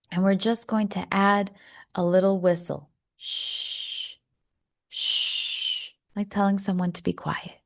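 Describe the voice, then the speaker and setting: Slow, careful American woman teacher. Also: lowish voice, darkish tone. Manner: slow, careful, drawn-out model sounds. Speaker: pronunciation teacher. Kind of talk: slow instructional demonstration.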